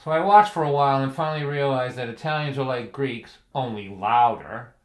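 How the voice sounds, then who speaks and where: A man's voice: mid-range voice, fairly quick. A man telling humorous stories on a livestream in a dry, wry way. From Massachusetts. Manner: wry, deadpan with bursts of loud acted quotes. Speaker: folk singer and storyteller. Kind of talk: humorous storytelling. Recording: echoey room.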